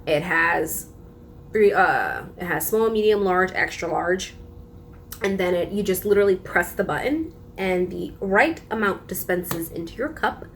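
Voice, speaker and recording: Animated young woman telling a story. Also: lowish voice, a little slow, slight background noise. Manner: animated, emphatic retelling with frequent laughs. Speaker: vlogger. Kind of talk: casual storytelling.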